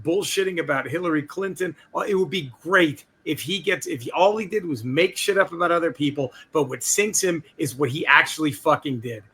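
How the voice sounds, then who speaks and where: A man co-hosting a comedy politics podcast, swearing freely in loose, animated banter. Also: fairly high pitch, a little fast, few pauses, breathy edge. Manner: animated, swears a lot, mimics quoted people. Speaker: podcast co-host.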